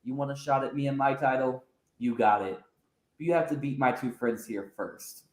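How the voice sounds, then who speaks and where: A man's voice: fairly high pitch, fairly quick, lightly acted. A man voicing an arrogant, boastful female wrestling champion who taunts her rivals. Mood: menacing soft. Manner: haughty, taunting. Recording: roomy echo.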